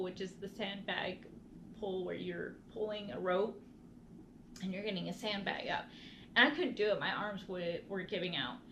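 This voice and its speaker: A woman's voice: mid-range voice, a bit bright, slight background noise, poor audio. Earnest woman vlogger, mid-range voice, unscripted and rambling. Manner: earnest, heartfelt, rambling with frequent restarts. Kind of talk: casual personal storytelling.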